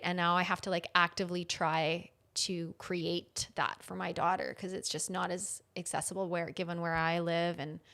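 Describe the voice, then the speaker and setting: A woman hosting a casual conversation, talking in a reflective, halting way with many fillers. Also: lowish voice, a bit bright. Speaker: host.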